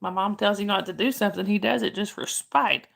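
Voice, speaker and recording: A middle-aged woman's brisk, creaky voice, medium in pitch and fairly bright in tone, hosts a casual livestream. She's chatty, welcoming viewers by name and answering what they ask in chat.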